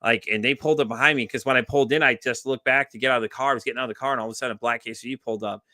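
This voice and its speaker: A man hosting a casual podcast who talks fast and tells his stories with animated energy. His voice is bright and forceful, and he swears freely. The sound is dry and close. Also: mid-range voice, no room sound. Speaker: podcast host.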